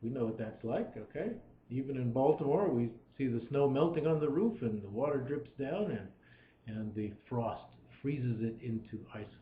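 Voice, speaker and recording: A man's voice: medium pitch, expressive, normal speed. Male lecturer explaining a poem to students, often checks in, roomy muffled recording. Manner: explanatory, checks in with "right?" and "all right". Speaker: literature lecturer. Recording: roomy, slightly muffled, faint background hum.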